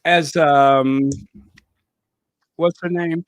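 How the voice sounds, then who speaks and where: Speaking extremely slowly, this man keeps a steady tone at a fairly high pitch. He hosts a channel and offers relaxed live reaction commentary, thinking aloud while talking straight to viewers.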